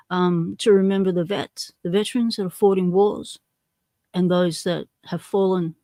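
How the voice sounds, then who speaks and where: A woman's voice: fairly low pitch, a little mellow, no echo, clean studio sound. An Australian woman hosting a casual livestream, chatty and self-deprecating, greeting viewers one by one by name. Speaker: livestream host.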